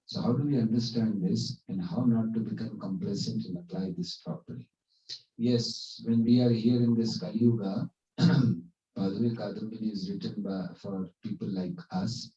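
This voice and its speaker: Brief: male spiritual teacher, mellow, conversational, echoey hall, distant dull mic. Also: fairly low pitch, steady tone, moderate pace. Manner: conversational, fillers, story-telling. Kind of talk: devotional class talk with storytelling.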